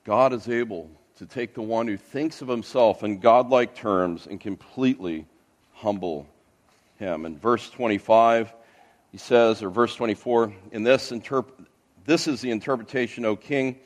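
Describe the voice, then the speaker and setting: A pastor preaching an expository sermon in church, earnest, with frequent uh and restarts. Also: male voice, medium pitch, normal speed.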